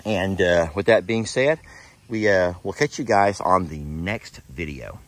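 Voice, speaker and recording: A man's voice: expressive, unhurried. Chatty man on a farm. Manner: chatty, coos at the animals in a high voice. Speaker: farm vlogger. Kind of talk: casual vlog, talking to farm animals. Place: outdoors on a farm.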